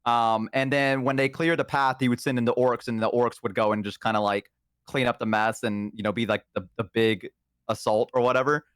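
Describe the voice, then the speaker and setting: A man's voice: mid-range voice, steady tone, fairly quick, fairly bright tone, smooth, no echo, clean studio sound. Rambling man talking on a stream. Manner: rambling, full of ums and uhs. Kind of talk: casual chat. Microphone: close microphone.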